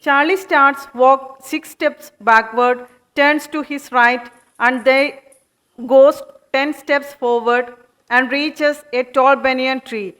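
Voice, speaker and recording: A woman narrating a children's puppet show in a slow, clear storytelling manner. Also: high voice, steady tone, fairly bright tone.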